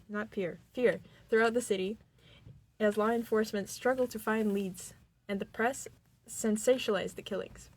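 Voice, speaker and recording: A young woman from Boston co-hosting a podcast in a small studio, telling a case in casual chat, giggly and full of fillers. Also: mid-range voice. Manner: giggly, rambling with many fillers. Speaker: podcast co-host.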